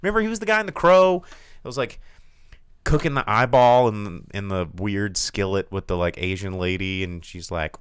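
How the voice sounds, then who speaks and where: A man co-hosting a movie podcast, talking casually and animatedly, cursing freely and slipping into quick impressions of people. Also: lowish voice, smooth, dry recording, clean studio sound. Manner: animated, swearing, mimics people in quoted voices. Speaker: podcast co-host.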